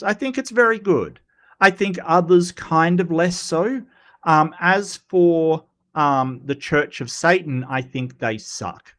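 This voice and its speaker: A man's voice: on the high side, a bit bright. An Australian man from Western Australia hosting a casual livestream, rambling through opinions with many ums and restarts while he answers chat comments. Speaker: livestream host.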